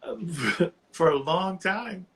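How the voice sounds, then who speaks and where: A man calling in to a live reading, sharing something painful in a halting, heartfelt way while close to tears. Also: high-pitched, lively intonation, low-quality recording. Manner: halting, heartfelt, slow, often restarting phrases. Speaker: caller on a live psychic reading. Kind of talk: emotional personal sharing.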